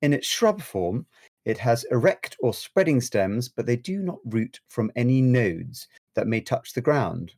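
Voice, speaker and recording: A man's voice: medium pitch, sing-song, measured pace, creaky, slightly rough. A man co-hosting a casual podcast chat, playful and chatty as he reads out plant facts. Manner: playful, warm chatter with laughs. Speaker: co-host.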